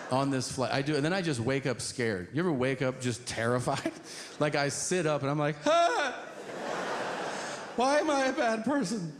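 Animated stand-up comic man. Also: noisy background. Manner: animated, acts out characters with shrieking high voices; profane, fast bursts. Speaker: stand-up comedian. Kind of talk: stand-up storytelling.

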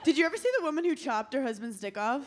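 A woman's voice: sits high, lively intonation, rapid-fire. A young woman doing a stand-up comedy set, brash and playful, laughing through her punchlines. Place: comedy stage before a live audience. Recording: loud live crowd and noise.

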